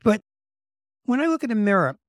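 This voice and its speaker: A man hosting a podcast, his voice sitting fairly high for a man. He tells wry, self-deprecating stories and slips into the voices of the people he describes. The sound is dry and close, with no room echo. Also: big pitch swings, fairly quick. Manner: wry, self-deprecating, acts out what others said. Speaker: podcast host. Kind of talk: comedic conversational storytelling.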